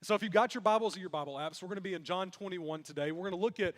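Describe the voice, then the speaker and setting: Young male pastor, high pitch, humorous storytelling sermon, long reverb of a big room. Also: rapid-fire. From Mississippi. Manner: storytelling with self-deprecating humor. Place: church sanctuary.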